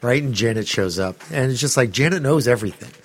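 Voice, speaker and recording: A man's voice: mid-range voice, expressive, fast talker. A man chatting casually on a podcast, telling a rambling, profane story with lots of restarts. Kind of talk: casual chat.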